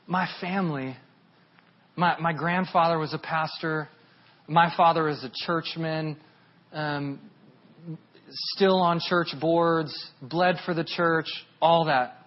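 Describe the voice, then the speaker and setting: A man's voice: steady tone, takes it slowly. A man in his thirties preaching a sermon, telling a personal story in an earnest, confessional way. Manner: earnest, confessional, swells louder and higher at emotional peaks. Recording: dull lo-fi sound.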